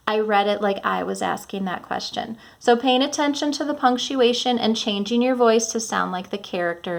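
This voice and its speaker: A woman teacher reading a children's chapter book aloud and explaining predictions and punctuation in a clear, instructive way. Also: fairly high pitch.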